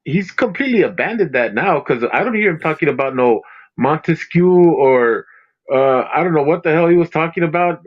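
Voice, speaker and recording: A man's voice: on the high side, lively intonation, fairly quick. Teasing man on a dull call line. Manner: teasing, stumbling restarts. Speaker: stream co-host. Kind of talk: casual call-in chat.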